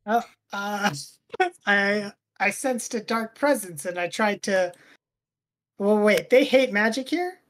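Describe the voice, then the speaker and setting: A woman's voice: medium pitch, lively intonation, takes it slowly, a bit bright, slight background noise. A woman with a mid-range voice plays in a tabletop game. She speaks hesitantly, restarting her sentences and laughing nervously. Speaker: player. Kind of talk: casual tabletop banter.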